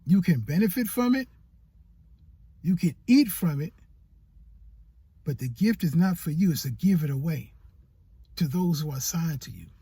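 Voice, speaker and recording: A man's voice: fairly high pitch, lively intonation, moderate pace, long pauses, warm tone, husky, no echo. A man giving motivational vlog talk as a YouTube coach, preachy and repeating phrases for emphasis.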